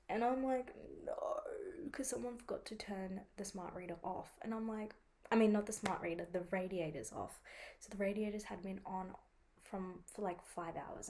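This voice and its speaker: A woman's voice: mid-range voice, a little mellow. A young woman vlogging at home in a casual, chatty way, full of "like" and swearing, with a sore throat from a cold. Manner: chatty, frequent "like" and swearing, dramatizes her own reactions. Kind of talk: casual vlog chat.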